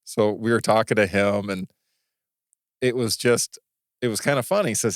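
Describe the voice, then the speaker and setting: A man co-hosting a podcast in casual chat, telling stories in a rambling, halting way with many restarts. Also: lowish voice, no room sound, clean studio sound. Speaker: podcast co-host.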